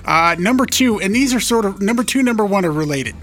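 A chatty man from Idaho co-hosts a morning radio show, running through a list. His voice is high and bright. Light music sits quietly underneath. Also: expressive, fast talker. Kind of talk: casual radio banter.

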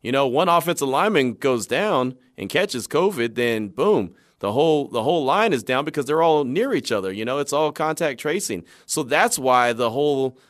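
A male sports talk host with a middle-pitched voice, speaking casually and conversationally. He breaks news down in an easygoing way, now and then acting out little scenes. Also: normal speed, few pauses. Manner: conversational, animated storytelling with acted asides.

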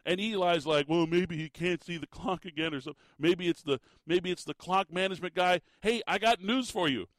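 Man, sports commentator, fairly high voice, dry close sound, exasperated rant full of emphatic rhetorical questions. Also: brisk, few pauses, dry recording.

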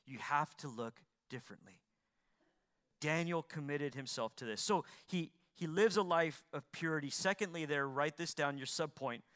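A man preaching a sermon to a congregation, asking them questions and repeating lines for emphasis, swinging between loud emphasis and quiet pleading. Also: on the high side, normal speed. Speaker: pastor.

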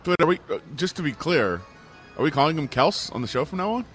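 A man's voice: fairly high pitch, quick pace, soft background music. Giddy, laughing sports radio man. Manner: excitable, laughs often, storytelling. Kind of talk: casual sports talk.

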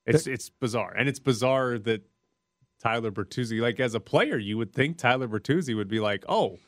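A man in casual sports talk, pitched in the middle range but jumping up whenever he pushes a point. The sound is close and dry, with no room around it. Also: moderate pace, no echo. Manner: animated, rises sharply when making a point. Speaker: sports podcast co-host.

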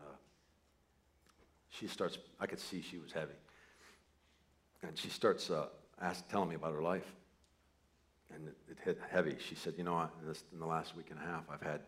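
A man preaching a sermon, telling a personal story, starting soft and building to loud emphasis. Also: very deep voice. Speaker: pastor.

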